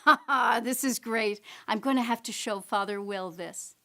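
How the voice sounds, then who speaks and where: A woman's voice: fairly high pitch, animated, fast, dark tone. A woman quoting her frail elderly mother. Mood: delighted. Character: frail elderly mother, restless would-be traveler.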